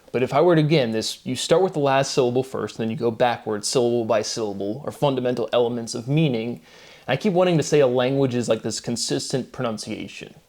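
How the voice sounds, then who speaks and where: A man thinks out loud in a casual solo monologue, rambling and circling back with frequent fillers and false starts. His voice sits at an ordinary middle pitch for a man. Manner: rambling, musing, many fillers and restarts. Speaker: channel host.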